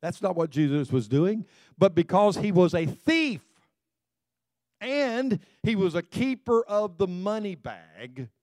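A male pastor delivering a sermon in a loose, chatty manner, scattering "you know" through his sentences. His voice sits fairly high for a man and sounds dry and close, with no room echo. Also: very animated, a little mellow. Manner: conversational, full of "you know" and quick laughs.

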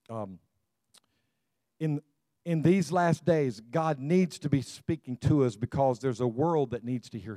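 An older man preaching as a pastor, with a mellow, warm voice and a dry, close sound. He pushes the congregation with repeated calls and stumbles into restarts as he goes. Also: medium pitch, no room sound. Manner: exhorting, repeats "come on" to the congregation. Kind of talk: sermon.

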